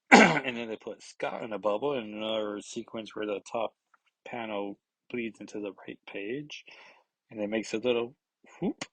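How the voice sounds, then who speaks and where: Brief: a low-voiced male podcast host recapping a comic in a loose, chatty way, slightly husky. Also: fairly bright tone, dry recording, poor audio. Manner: rambling, filler-heavy, acts out lines in quick voices. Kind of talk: casual comic book recap.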